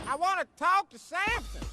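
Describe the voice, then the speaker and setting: A man voicing a squeaky, high-pitched jingle voice in a clip over loud music. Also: heavily acted.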